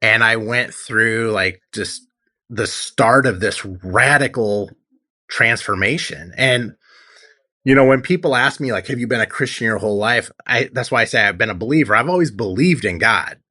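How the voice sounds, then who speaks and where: A man's voice: on the low side, moderate pace, bright, forceful tone. A man in his forties, a tattoo artist, giving a heartfelt personal testimony in an interview, acting out what he once said. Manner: earnest storytelling, acts out his own past lines.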